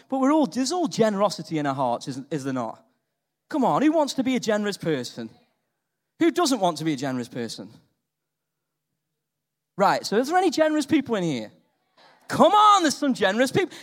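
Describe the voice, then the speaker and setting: A middle-aged man preaching a sermon, telling stories and quizzing his congregation. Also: sits high. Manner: animated storytelling, quizzing the congregation. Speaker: pastor. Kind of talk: lively sermon.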